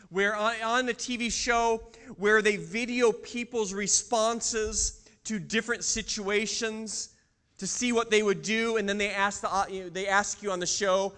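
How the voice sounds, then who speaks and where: Bright, high-voiced man preaching. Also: clean tone. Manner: storytelling, posing questions to the congregation. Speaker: pastor. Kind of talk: sermon.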